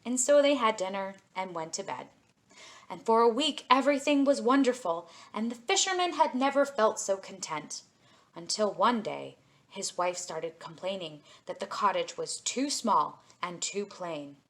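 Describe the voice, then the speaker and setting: A woman librarian reads a fairy tale for storytime in a sing-song, expressive way. Her pitch rises and falls widely, sitting at a middle height for a woman. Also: unhurried. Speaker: children's librarian. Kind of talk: storytime reading aloud.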